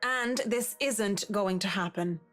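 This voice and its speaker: An actress voicing a tipsy, uneasy young woman in a visual novel, hesitant and soft-spoken. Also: medium pitch, takes it slowly, faint music behind.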